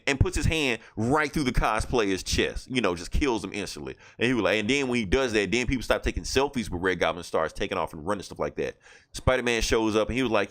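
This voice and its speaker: A man's voice: on the low side, lively intonation, fairly quick, a bit bright. A man hosting a podcast who casually retells a story, rambling and swearing freely. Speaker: podcast host. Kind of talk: casual chat.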